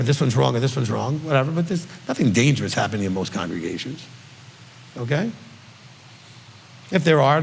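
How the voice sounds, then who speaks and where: A man, a rabbi, teaching in a congregational Q&A, often pausing to ask "okay?" to check his listeners agree. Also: mid-range voice, creaky, slight background noise. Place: congregation hall. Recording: long hall reverb.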